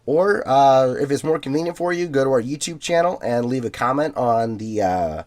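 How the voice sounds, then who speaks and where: A man of middle pitch co-hosts a casual podcast. He reads listener emails aloud in a loose, easygoing way. He leans on fillers and laughs often. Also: normal speed. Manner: relaxed, filler-heavy, laughs easily. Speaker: podcast co-host.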